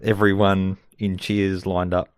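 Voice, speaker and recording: A man's voice: sits low, little pitch movement, a little slow, dry recording, clean studio sound. A man co-hosting a sitcom podcast, talking in a laid-back, casual way and thinking aloud as he goes. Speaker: podcast co-host. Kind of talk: casual chat.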